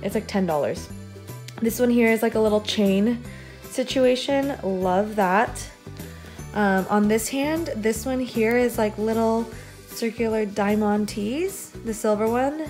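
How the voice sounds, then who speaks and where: A woman's voice: fairly high pitch, unhurried, darkish tone, faint music behind. A young woman vlogging at home in a chatty, casual way, full of filler words. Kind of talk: casual vlog chat.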